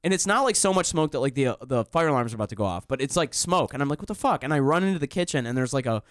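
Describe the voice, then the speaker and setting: A man, a comedian guest on a podcast, telling a story in an animated, profane, rambling way full of "like". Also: medium pitch, racing, clear, resonant tone, no room sound, clean studio sound. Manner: animated and profane, frequent "like" fillers. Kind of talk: casual storytelling.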